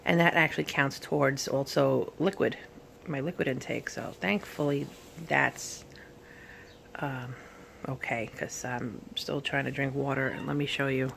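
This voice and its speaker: A tired woman in pain talks to her camera at home, rambling and halting, with plenty of fillers. Her voice is gravelly with vocal fry. A faint hum of room noise sits behind her. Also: a bass voice, steady tone, fairly bright tone. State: tired and in pain after surgery. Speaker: vlogger. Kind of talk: casual recovery vlog. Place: at home, sitting in bed.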